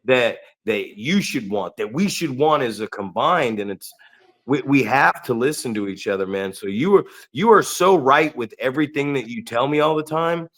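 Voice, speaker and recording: A man's voice: mid-range voice, lively intonation, moderate pace, a bit bright. A man co-hosting a podcast in casual chat, blunt and profane, often acting out the people he quotes. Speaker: podcast co-host and wrestling trainer.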